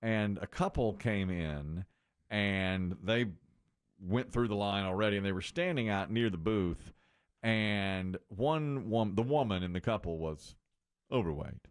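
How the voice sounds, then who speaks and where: Animated middle-aged radio host, low voice. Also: male voice, a little slow, clean tone. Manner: animated storyteller, swings pitch for quoted voices. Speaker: morning radio show host. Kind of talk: casual storytelling on air.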